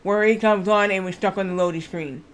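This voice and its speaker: A man's voice: high-pitched, steady tone, a little fast. A man livestreaming a video game while telling a long family story, repeating words and restarting his sentences as he goes. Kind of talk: rambling storytelling while gaming.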